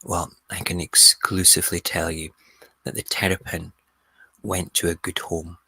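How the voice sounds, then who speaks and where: Deep husky man telling a story. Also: unhurried, no room sound. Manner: animated storyteller, mimics people. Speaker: radio show host. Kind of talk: casual storytelling. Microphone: close studio mic.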